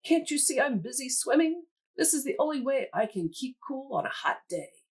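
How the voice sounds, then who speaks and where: A woman's voice: high-pitched, big pitch swings, moderate pace, pitched above the performer's own voice. A woman reading aloud and voicing a fussy, dismissive duck in a children's story. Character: self-absorbed duck keeping cool.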